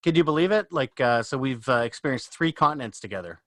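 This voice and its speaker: A man's voice: medium pitch, lively intonation, fast talker, fairly bright tone. A Canadian man hosting a podcast, bantering with his guest in a friendly, upbeat way. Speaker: podcast host. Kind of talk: casual podcast conversation.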